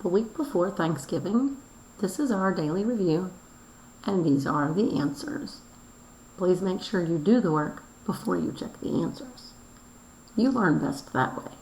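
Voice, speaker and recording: Teacher, female, unhurried delivery, recorded in a roomy space. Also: fairly low pitch, animated, darkish tone, a little hiss or hum. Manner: slow, deliberate explanation, spelling words letter by letter. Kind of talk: recorded classroom review lesson. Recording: roomy echo.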